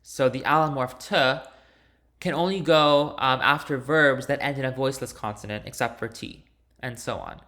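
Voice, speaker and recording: Male instructor, bright mid-pitched voice, methodical walkthrough with casual fillers. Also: moderate pace. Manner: explains step by step, with fillers and restarts. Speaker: linguistics instructor. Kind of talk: recorded lecture walkthrough.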